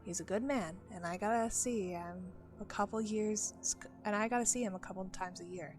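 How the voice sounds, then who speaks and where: A woman's voice: mid-range voice, moderate pace, over music, lightly acted. A woman reading the lines of a middle-aged male park ranger with a thick Southern US drawl, folksy and confiding.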